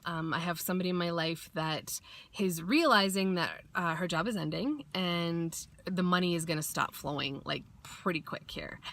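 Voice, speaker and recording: A woman's voice: lowish voice, fairly bright tone. A woman vlogging in a casual motivational way, chatty and blunt, swearing freely and acting out little quotes.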